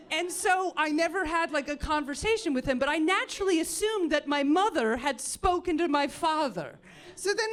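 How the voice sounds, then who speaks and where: A woman comedian on a comedy club stage, telling a personal story in an animated way, with many fillers and acted-out asides. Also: high voice. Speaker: stand-up comedian.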